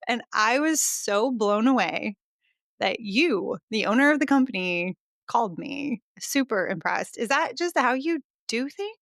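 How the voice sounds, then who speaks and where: A woman's voice: a little high, lively intonation, unhurried, fairly bright tone, no echo, studio quality. A woman hosting a podcast, talking in an enthusiastic, gushing way during a casual interview and ad read. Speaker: podcast host.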